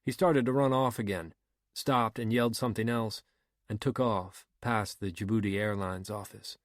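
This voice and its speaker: Steady male audiobook narrator, dry sound. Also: on the low side, moderate pace, dry recording. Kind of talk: scripted narration.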